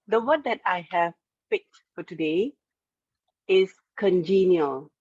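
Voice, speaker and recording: A woman's voice: lowish voice, slow, dry recording. A woman presenting the word of the day at an online club meeting, carefully explaining how a word is pronounced. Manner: clear, careful explaining of pronunciation. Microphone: video call. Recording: dry, phone-like online call audio.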